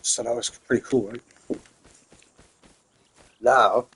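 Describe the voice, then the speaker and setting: A man's voice: mid-range voice, fairly even intonation, slow, a bit bright, husky. An English man giving rambling, chatty commentary while playing a game, talking to himself and his in-game horse. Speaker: gamer, channel host. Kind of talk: casual gameplay commentary.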